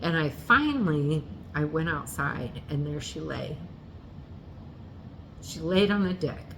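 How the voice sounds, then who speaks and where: A woman with a low, deep voice tells a painful personal story, unhurried and deliberate. She speaks earnestly and haltingly, often stopping to restart or correct herself. A faint hiss sits under her voice. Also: expressive. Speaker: vlogger telling a personal story.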